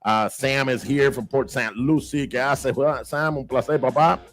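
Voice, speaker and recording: A man hosts a relaxed livestream and calls out names with lively energy, slipping easily into Spanish phrases. Faint music plays underneath his voice. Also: medium pitch, moderate pace. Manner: lively, shout-outs to viewers, mixes in Spanish phrases. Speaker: show host. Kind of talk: casual livestream chat.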